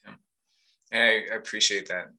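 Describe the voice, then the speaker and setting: An earnest man co-hosting a live discussion and talking in a reflective, casual way. His voice sits a little low and stays level, with a very bright, forceful tone. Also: steady tone, normal speed, poor audio. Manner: earnest, thoughtful, many fillers. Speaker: podcast co-host.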